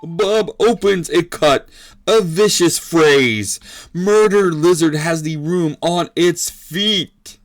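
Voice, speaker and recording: A man's voice: slow, dry recording. A man putting on the voice of a hyped boxing ring announcer, calling punchy play-by-play in a dry, close-miked sound. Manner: booming, punchy play-by-play calls. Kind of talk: mock fight commentary.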